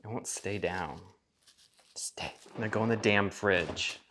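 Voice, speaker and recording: Over heavy background noise and faint music, a cooking vlogger takes his time in a lowish voice. His comedic home-kitchen show is full of sarcasm, profanity, and theatrical asides.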